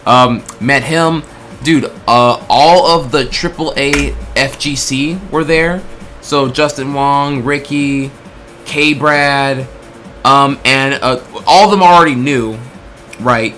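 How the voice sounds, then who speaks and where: A man telling a story in a casual, animated way, swearing often, packed with filler words and acted-out exchanges. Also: mid-range voice, measured pace, soft background music. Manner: acts out quoted exchanges in bursts. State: throat getting tired.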